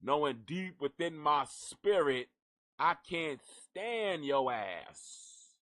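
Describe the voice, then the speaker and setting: A man's voice: on the high side, expressive, drawn-out words, a bit bright. A man hosting a live gossip stream, rambling and cursing in a jokey, casual way as he signs off. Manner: profane, rambling, jokey, talks to an unseen donkey.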